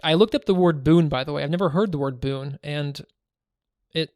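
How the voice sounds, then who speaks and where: A man co-hosting a podcast in casual chat, chatty and joking, quick to laugh. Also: on the high side, darkish tone, no room sound, studio quality. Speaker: podcast co-host.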